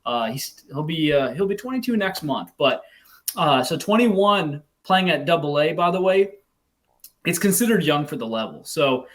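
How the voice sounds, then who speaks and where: A man's voice: a little high, very animated, normal speed, fairly bright tone. A man co-hosting a sports podcast in casual chat, rambling and hesitant, with many fillers. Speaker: podcast co-host.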